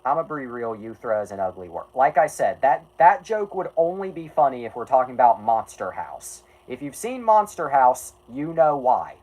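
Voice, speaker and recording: Casting note: animated stream host, voice swinging up and down, jokey and sarcastic, keeps losing the thread and saying "anyway". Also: medium pitch, moderate pace, hardly any pauses, low-quality recording. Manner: jokey, sarcastic asides, self-deprecating; often breaks off mid-sentence, restarts with "anyway". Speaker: streamer reading an article aloud to chat. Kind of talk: casual stream chat and read-aloud.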